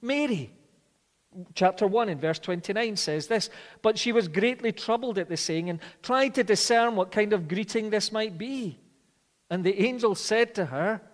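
A man with a high, light voice delivers a sermon in a church, his words carrying a long reverb tail. He reads scripture aloud and hammers home repeated lines, then slows and drops to a soft, quiet delivery when he wants a point to sink in. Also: lively intonation. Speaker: preacher.

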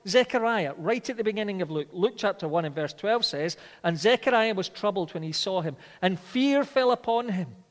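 A man with a high, light voice delivers a sermon in a church, his words carrying a long reverb tail. He reads scripture aloud and hammers home repeated lines, then slows and drops to a soft, quiet delivery when he wants a point to sink in. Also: lively intonation. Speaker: preacher.

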